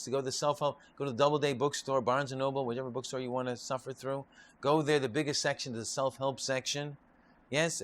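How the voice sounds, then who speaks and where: A man, a rabbi, giving an informal Torah class, telling stories and repeating and restarting his phrases. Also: medium pitch. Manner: repetitive, restarts often, lively storytelling.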